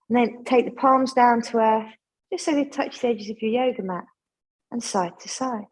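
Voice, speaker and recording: A woman leading a guided yoga class, giving gentle, chatty instructions with friendly asides. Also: on the high side, normal speed, rough recording.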